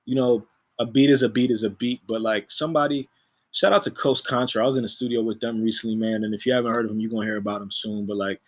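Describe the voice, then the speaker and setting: A man, a music producer, talking in a relaxed, slangy way as an interview guest, laughing often. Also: fairly low pitch, quick pace. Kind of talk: casual interview chat.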